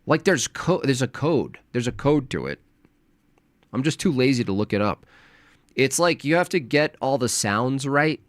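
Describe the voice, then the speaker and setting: A man's voice: medium pitch, very animated, normal speed, no echo. A man streaming casual, rambling chat, hedging and self-deprecating as he talks.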